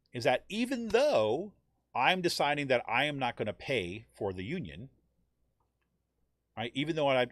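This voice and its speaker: A man's voice: dry recording, studio quality. Man explaining with many "right?" checks. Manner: explanatory, keeps asking "right?"; acts out quoted voices with rising pitch. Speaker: podcast host. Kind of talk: casual live commentary.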